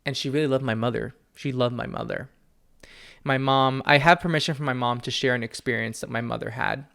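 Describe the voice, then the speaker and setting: A young man hosting a solo podcast from home, talking candidly and earnestly, often with a soft laugh. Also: mid-range voice, fairly even intonation, brisk, vocal fry. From family from Peru. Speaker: podcast host, psychic medium. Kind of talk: reflective solo podcast talk. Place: at home with his dog.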